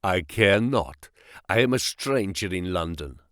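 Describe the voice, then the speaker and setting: A man voicing a starving, defiant captive, low, slow and stubborn. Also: expressive, fairly bright tone, no room sound, studio quality.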